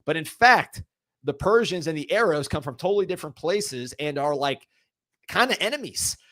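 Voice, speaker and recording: A man's voice: fairly high pitch, expressive, moderate pace, sharp tone, dry recording, studio quality. A man in his thirties co-hosting a casual sports podcast, talking in a joking, rambling way and laughing often. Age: 30s or older. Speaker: podcast co-host.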